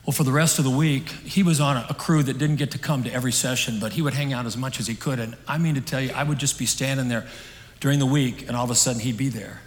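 A man's voice: medium pitch, fairly even intonation, fast. Earnest male preacher in a reverberant hall. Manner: earnest, conversational storytelling, swinging between emphatic and hushed. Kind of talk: sermon. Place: stage in a large hall.

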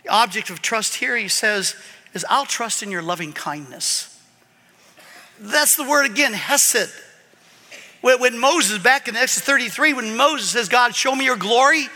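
High, bright-voiced preacher in a hall. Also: male voice, a little slow. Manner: animated, swings from loud emphasis to quiet asides. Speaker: pastor. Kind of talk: sermon. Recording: long hall reverb.

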